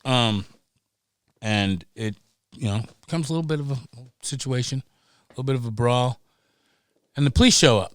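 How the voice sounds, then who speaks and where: A middle-aged man telling stories as a podcast guest, animated and profane, acting out voices as he goes. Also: medium pitch, moderate pace, long pauses, dry recording. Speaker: guest, pro snowboarder. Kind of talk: casual storytelling.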